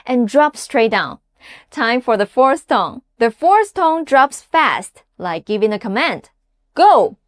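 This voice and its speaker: A woman with a high voice that leaps up and down as she narrates a scripted beginner language lesson. She sounds upbeat and encouraging and says each example word slowly and clearly. Her voice is recorded dry and close, with no room sound around it. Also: no room sound. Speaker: language teacher.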